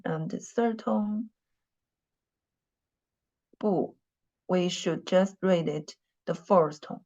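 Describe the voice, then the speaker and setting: A woman's voice: on the low side, a little mellow. A woman teaching a Mandarin class in English, repeating phrases and using many fillers. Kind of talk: classroom lesson. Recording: dull lo-fi sound.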